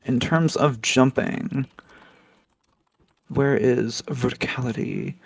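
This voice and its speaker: A man talks very slowly as a tabletop player, puzzling over rules and asking questions. His voice is mid-pitched and sounds dry and close. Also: gravelly, no echo. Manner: unsure, asks about rules. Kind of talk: casual tabletop play.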